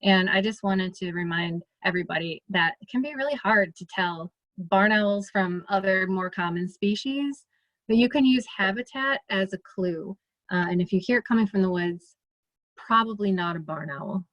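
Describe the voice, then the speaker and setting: A woman with a Midwestern American accent, an ornithologist giving a relaxed, chatty presentation over a video call, full of fillers and restarts. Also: medium pitch, normal speed, no echo, muffled recording. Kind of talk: casual presentation.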